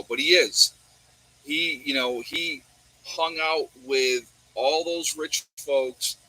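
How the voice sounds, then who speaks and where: A sharp, husky, medium-pitched voice belongs to a livestream host from New York State with a New York accent. He rambles while responding to viewer chat and often asks rhetorical questions, in a rough recording.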